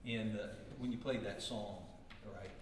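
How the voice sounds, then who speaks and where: A man's voice: fairly low pitch, fairly even intonation, a little slow, a little hiss or hum. A man teaching a church Bible class in an earnest, self-deprecating way, often repeating words as he starts a thought. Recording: echoey hall, mic from far off.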